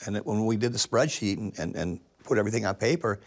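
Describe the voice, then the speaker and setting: An older man with a low, gravelly and husky voice, speaking as an interview guest. He talks haltingly and often repeats a word or two before he finds his thought. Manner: halting, repeats words while searching for them. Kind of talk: casual conversation.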